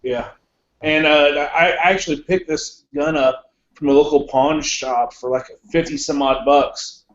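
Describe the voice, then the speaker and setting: A man in a casual online voice chat, telling a story in a relaxed way. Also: on the high side, a little slow. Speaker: gun owner in an online voice chat. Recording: echoey, muffled voice-chat audio.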